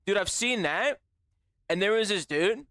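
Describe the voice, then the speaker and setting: Young male streamer, loose and profane banter, bright tone, dry close mic. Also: sits high, unhurried, dry recording. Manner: animated, profane, slangy banter with chat. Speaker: gaming livestreamer. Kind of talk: casual stream chat with viewers.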